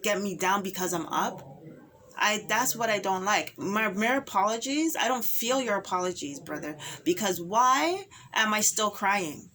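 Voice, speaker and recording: Woman, medium pitch, impassioned monologue, emphatic and repetitive, with faint background noise. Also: pushed and bright. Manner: emphatic and repetitive, with rhetorical questions.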